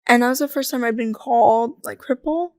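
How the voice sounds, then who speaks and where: A talkative woman guest on a podcast, her voice pitched a little high. She rambles easily with lots of "like" and breaks into laughs now and then. She is close on a dry, dead-sounding mic. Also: brisk, no echo. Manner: chatty, frequent "like" fillers, laughs often. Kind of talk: casual conversational interview.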